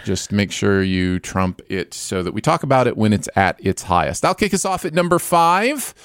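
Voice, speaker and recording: A man's voice: fairly low pitch, very animated, normal speed, fairly bright tone, clean tone, no room sound, clean studio sound. A man hosting a movie podcast in casual chat, running a countdown. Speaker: podcast host.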